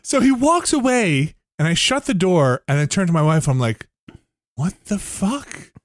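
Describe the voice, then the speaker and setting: Animated, rambling male podcast host. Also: fairly high pitch, normal speed, no room sound, studio quality. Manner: rambling animated storyteller, many fillers, bursts of laughter. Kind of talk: casual chat, anecdote.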